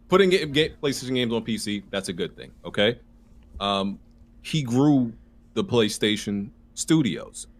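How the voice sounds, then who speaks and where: Insistent man arguing back, lively pitch. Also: unhurried. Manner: argumentative, insistent, pushes back with repeated "bro". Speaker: guest debating on a stream. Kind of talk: casual argument.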